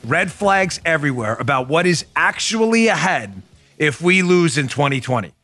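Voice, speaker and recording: A man's voice: a little high, sing-song, moderate pace, bright, forceful tone, faint music behind. A man hosting a political talk show, talking in an emphatic, punchy, conversational way and reading ads. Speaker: host.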